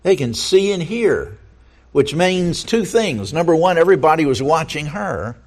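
A man's voice: a little high, very animated, normal speed, darkish tone. A man preaching a sermon, reading scripture aloud and asking the listeners earnest rhetorical questions, often stumbling and repeating words as he goes.

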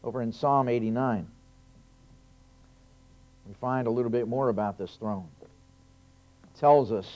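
A man's voice: mid-range voice, darkish tone. A man preaching a sermon, reading scripture aloud and stressing key phrases, with frequent restarts. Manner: emphatic, rising on key phrases, with many restarts. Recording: lo-fi dull recording.

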